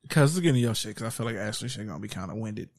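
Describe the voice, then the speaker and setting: A man with a gravelly voice who talks fast and teases the others with plenty of swearing. His call audio is dry and close. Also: on the low side, lively intonation, darkish tone, no room sound. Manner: teasing, profane banter. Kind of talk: casual chat.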